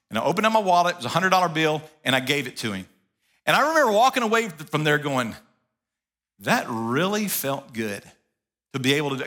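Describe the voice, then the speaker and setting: Male pastor, high bright voice, very animated delivery, conversational sermon. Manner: animated, conversational preaching with acted asides.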